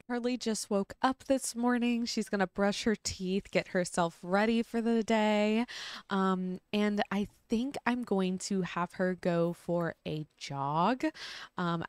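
Slow, giggly young woman narrating a game. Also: medium pitch, smooth, no room sound. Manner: chatty, giggly, with frequent ums. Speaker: gaming channel host. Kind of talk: casual let's-play narration.

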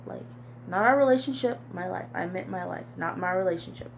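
A young woman vlogger talking to camera in a halting, repetitive, soft-spoken confessional monologue. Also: lowish voice, vocal fry, slight background noise. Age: young adult.

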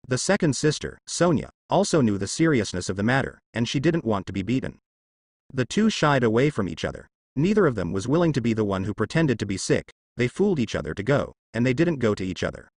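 A man narrating translated web fiction in a steady reading voice. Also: medium pitch, fast talker, no room sound, clean studio sound.

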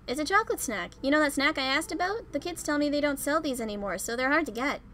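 A woman voicing an energetic, cheerful teenage boy classmate while reading game dialogue aloud, loud and caring. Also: high-pitched, quick pace, faint music behind, pitched above the performer's own voice.

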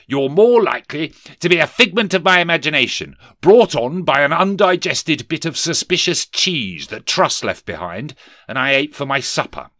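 A man's voice: fairly high pitch, animated, moderate pace, sharp tone, no room sound, studio quality, pitched above the performer's own voice. A man voicing a fretful, miserly man who falters and trembles as he speaks.

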